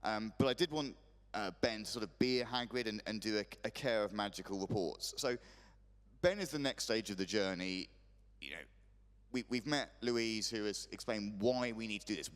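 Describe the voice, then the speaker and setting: A man's voice: lowish voice, moderate pace, a bit bright. A man moderating a conference panel, rambling through joking asides between questions. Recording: reverberant conference hall.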